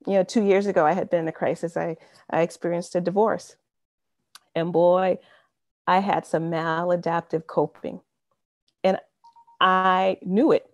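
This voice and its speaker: A woman's voice: fairly low pitch, level tone, unhurried, pauses often, dry recording. A woman in her fifties giving an earnest, conversational faith testimony over a video call, often saying "you know". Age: 50s. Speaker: speaker sharing a testimony.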